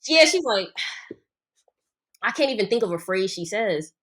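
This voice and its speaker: A woman guest co-host in a casual recap chat, playful and lively, with plenty of agreeing murmurs. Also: medium pitch, a little slow.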